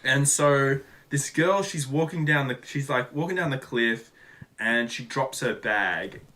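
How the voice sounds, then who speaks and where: A man co-hosting a casual podcast, telling a story in an animated way and swearing freely. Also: mid-range voice, measured pace. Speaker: podcast co-host. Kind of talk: casual chat.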